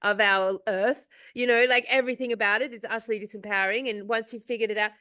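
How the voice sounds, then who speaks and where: A middle-aged woman speaks in a smooth, clear voice pitched slightly high. The sound is dry and close. She chats casually on a video call, rambling through spiritual ideas with plenty of fillers and swearing freely. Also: fairly even intonation, quick pace, pushed and bright, dry recording. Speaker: podcast co-host.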